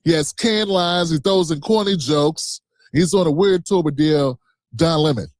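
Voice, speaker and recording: A man's voice: fairly high pitch, moderate pace, a little mellow, no echo, clean studio sound. A man streaming a reaction, talking back to a clip in a combative, profane, mocking way. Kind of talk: heated reaction commentary.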